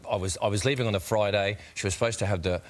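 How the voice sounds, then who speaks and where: A man's voice: on the low side, steady tone, rapid-fire. An Australian man in his thirties, a tribute singer chatting as a guest on a TV talk show, easygoing and self-deprecating with plenty of fillers. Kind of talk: casual TV interview chat.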